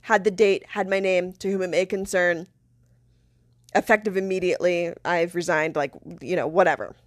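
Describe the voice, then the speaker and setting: A woman's voice: fairly low pitch, steady tone, normal speed, no echo, studio quality. A woman hosting a podcast, telling a personal story in a candid, profane, casual way, laughing often. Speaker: podcast host.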